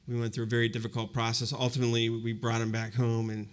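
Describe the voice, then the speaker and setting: A university presenter in his fifties tells a personal story before a live audience at a university event, conversational and reflective with lots of fillers like "you know." His medium-pitched voice is monotone and fast.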